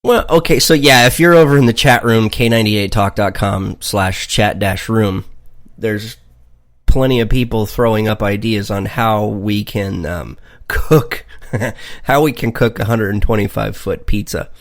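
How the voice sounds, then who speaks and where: A man's voice: on the low side, a little slow. A man hosting a radio talk show, rambling and joking with many fillers and asides. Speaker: radio host.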